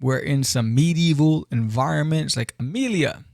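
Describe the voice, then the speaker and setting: A man with a gravelly, creaky voice talks through comic pages in a casual, excitable way, tossing out playful asides. His voice sits at an ordinary pitch and sounds close and dry. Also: moderate pace, no echo. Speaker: comic book reviewer and podcast host.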